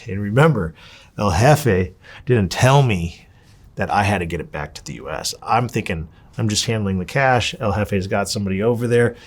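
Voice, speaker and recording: A man's voice: on the low side, moderate pace. A man in an interview, telling his story with lots of swearing and acting out what people said. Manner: profane, animated, acts out quotes. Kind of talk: candid storytelling.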